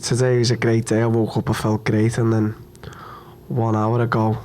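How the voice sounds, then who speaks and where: There's a slight hiss or hum as a young man with a low-leaning, monotone, slightly mellow voice takes questions after a fight he lost. He's blunt and clearly hurt and upset, stumbling, restarting in halting bursts, saying things over again and swearing.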